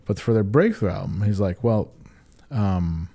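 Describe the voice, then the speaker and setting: A man co-hosts a casual podcast, talking with excited energy, swearing freely and filling his sentences with "like." His voice is warm and mellow, with a relaxed, darker tone. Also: lowish voice, a little slow. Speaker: podcast co-host. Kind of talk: casual chat reacting to music videos.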